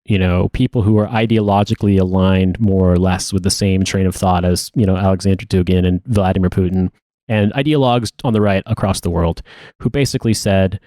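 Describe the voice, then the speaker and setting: A man co-hosting a podcast in casual chat, animated and profane, often breaking into laughter. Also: low voice, brisk, no room sound, clean studio sound. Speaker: podcast co-host.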